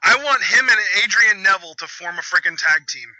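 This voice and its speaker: A man hosting a casual live reaction chat, with sarcastic, quick banter. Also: high-pitched, animated, pushed and bright, no echo. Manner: sarcastic, fast-talking banter. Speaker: channel host. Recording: dull lo-fi audio.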